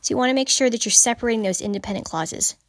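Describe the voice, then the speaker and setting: A woman's voice: on the high side, rapid-fire, no room sound. A woman hosting a podcast on writing, explaining grammar in an informal, emphatic way and repeating key points. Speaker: podcast host teaching writing. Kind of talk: informal teaching monologue.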